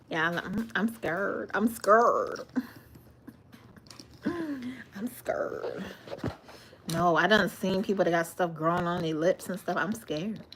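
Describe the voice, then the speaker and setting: A woman's voice: on the low side, fairly even intonation, a little slow, fairly bright tone, a little hiss or hum. A young woman hosting a casual live stream, answering viewer comments with frequent giggles and stumbles over her words. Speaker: livestream host.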